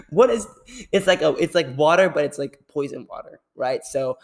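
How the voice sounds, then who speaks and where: A young man hosting a podcast, talking casually in a rambling, animated way and laughing often. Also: on the high side, vocal fry, a little hiss or hum. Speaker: podcast host.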